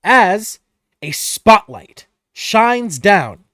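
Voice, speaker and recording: A game master narrating a tabletop game in a playful, lively way, likely recorded at home over an online voice call. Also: mid-range voice, extremely slow, no echo, clean studio sound.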